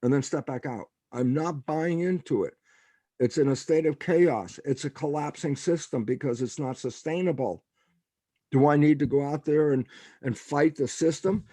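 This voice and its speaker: On this podcast interview, the guest is an older scientist whose slightly high voice carries a dark, mellow tone and some gravel. At a moderate pace, he spins lively stories and voices the quotes of the people involved, heard dry and close with no echo.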